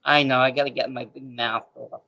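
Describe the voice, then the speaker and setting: A man's voice: medium pitch, little pitch movement, a little fast, vocal fry, lo-fi sound. A man in his fifties calling in as a regular to a sports talk show, rambling and joking in a chatty way. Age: 50s. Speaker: regular caller. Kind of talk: casual call-in chat.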